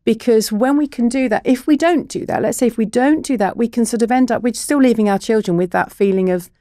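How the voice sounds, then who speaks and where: Appearing as a guest on a podcast, this middle-aged child therapist and broadcaster gives earnest, science-minded explanations. She speaks fairly quickly in a warm, somewhat high voice, with clean studio sound and no echo.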